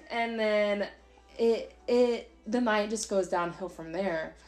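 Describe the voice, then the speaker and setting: A woman in her twenties telling a story in casual podcast chat, animated, swearing freely and acting out quotes. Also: medium pitch, takes it slowly, faint music behind. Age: 20s. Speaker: podcast co-host.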